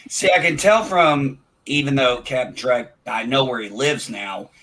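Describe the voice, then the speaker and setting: A man's voice: mid-range voice, measured pace, bright, forceful tone, low-quality recording. A man from Illinois with a Midwestern accent tinged with Southern, chatting on a video call in a rambling way. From Illinois, near St. Louis. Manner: rambling, restarts often. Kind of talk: casual chat.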